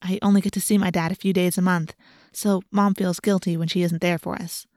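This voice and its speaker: A woman's voice: lowish voice, little pitch movement, fairly quick, darkish tone, no echo, clean studio sound. A woman narrating a first-person novel in an earnest, tense storytelling manner. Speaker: audiobook narrator.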